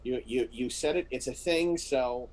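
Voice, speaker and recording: Guy gm narrating a tabletop game, kinda husky, jumps into npc voices. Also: medium pitch, darkish tone. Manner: describes scenes and voices characters in quick asides. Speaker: game master.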